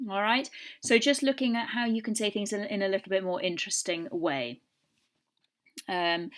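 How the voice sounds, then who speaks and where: A woman language teacher, talking pupils through exam preparation in a chatty way with many fillers and acted-out example answers. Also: medium pitch. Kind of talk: recorded lesson for pupils.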